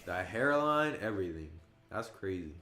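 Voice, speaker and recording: A man in his twenties chatting casually on a gaming livestream, telling stories and jumping high and loud when he quotes his friends. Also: big pitch swings, normal speed. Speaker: streamer. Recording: roomy echo.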